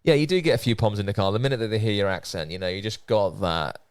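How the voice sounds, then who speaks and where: A man with a southern English accent, a podcast guest in casual chat, telling animated stories with lots of fillers. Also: lowish voice, quick pace, clear, resonant tone, no room sound. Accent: southern English, Bournemouth area. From England. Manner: animated storyteller, many fillers.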